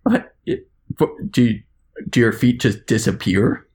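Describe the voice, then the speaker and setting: A man on a podcast as its international correspondent, ranting in an animated, sarcastic way. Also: medium pitch, slow pace, slightly rough. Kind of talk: podcast chat.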